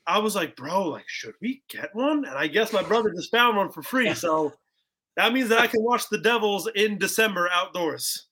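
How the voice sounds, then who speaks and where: Young guy rambling a funny story on a podcast, bright higher voice, lots of "bro". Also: normal speed. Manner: animated, acts out quotes, heavy "like" and "bro". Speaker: podcast guest. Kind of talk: casual storytelling.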